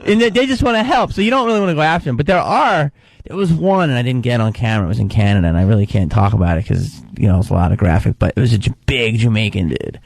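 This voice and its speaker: A man's voice: mid-range voice, expressive, fast, vocal fry, dry recording. A man appearing as a comedian guest on a radio talk show, telling stories and acting out hecklers. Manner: storytelling, acts out hecklers in shouts. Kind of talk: casual talk radio interview.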